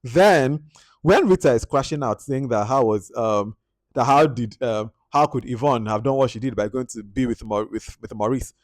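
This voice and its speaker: Nigerian man, casual film review, exasperated outbursts, quiet asides, dry close sound, mid-pitched voice. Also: normal speed, no room sound. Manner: animated and exasperated, jumps into high-pitched outbursts, then drops to quiet asides. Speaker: movie reviewer.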